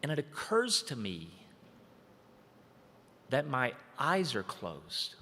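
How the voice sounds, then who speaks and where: A man giving a dramatic personal storytelling speech at a training event. He tells it vividly, swinging between urgent, loud passages and hushed, slow ones. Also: medium pitch, wildly swooping pitch, a little hiss or hum. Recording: echoey hall with long reverb.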